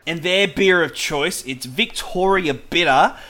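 A man's voice: on the high side, measured pace, sharp tone. A man with an Australian accent, interviewing a guest in a chatty, explaining way with many fillers. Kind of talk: casual interview.

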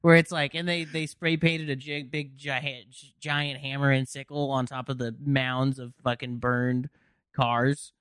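Comedian dude, smooth clear voice, crude jokes, dry close mic. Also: male voice, medium pitch, level tone, unhurried, fairly bright tone, no echo. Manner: crude, joking banter. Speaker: comedian guest. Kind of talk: casual chat.

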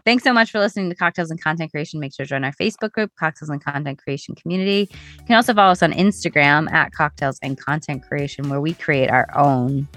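Low-voiced woman co-hosting a podcast. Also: fairly bright tone. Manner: chatty, rambling, many restarts. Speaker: podcast co-host. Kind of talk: casual podcast chat.

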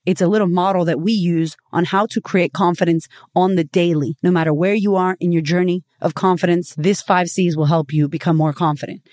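A woman's voice: on the low side, steady tone, a little mellow, no room sound, studio quality. A woman hosting a podcast, giving a blunt, profane motivational monologue full of rhetorical questions. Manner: emphatic, swinging between punchy and drawn-out phrases. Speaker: podcast host.

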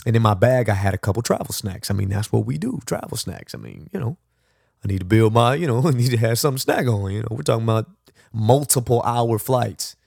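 A man's voice: medium pitch, very animated, a little fast, creaky, darkish tone, husky, no echo, studio quality. A man hosting a podcast, giving a reflective motivational monologue in a conversational, rambling way with frequent restarts. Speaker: podcast host.

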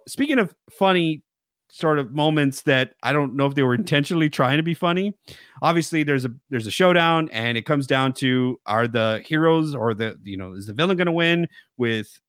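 Animated laughing man, podcast co-host. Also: a little high, moderate pace, no echo, studio quality. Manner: animated, laughing, breaks into quoted voices. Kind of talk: casual chat.

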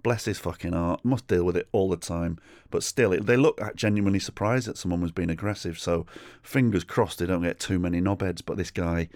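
A man with an English accent hosting a solo comedy podcast, telling a story in a sweary, chatty, animated way. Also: deep voice, a little fast, dry recording, clean studio sound. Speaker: podcast host.

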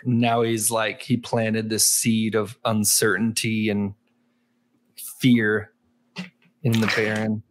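A man co-hosting a casual chat about a book, relaxed and full of fillers. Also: fairly low pitch, takes it slowly, long pauses, dry recording.

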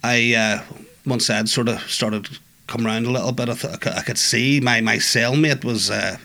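Gravelly man recalling prison. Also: medium pitch, steady tone, sharp tone. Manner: halting, many restarts and asides. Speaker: former prisoner and peer listener. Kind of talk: conversational interview recollection.

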